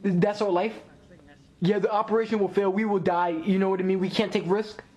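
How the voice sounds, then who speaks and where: A man hosting a live anime reaction video, excitable, laughing often and talking straight to his viewers. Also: sits high, a little fast, lo-fi sound.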